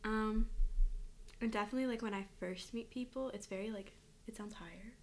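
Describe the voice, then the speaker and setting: A young woman co-hosting a podcast in casual chat, with a naturally soft speaking voice. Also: mid-range voice, a little fast, a little hiss or hum. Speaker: podcast co-host.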